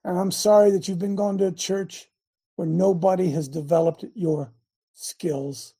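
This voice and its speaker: Gravelly, impassioned older preacher. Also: male voice, high voice, steady tone, unhurried, dark tone. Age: 60s. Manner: impassioned, folksy, repeats for emphasis. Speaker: preacher and show host. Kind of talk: sermon.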